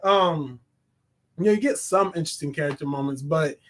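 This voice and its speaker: A man giving a casual, animated movie review, laughing often and talking in loose slang. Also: on the high side, a little fast. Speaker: film reviewer.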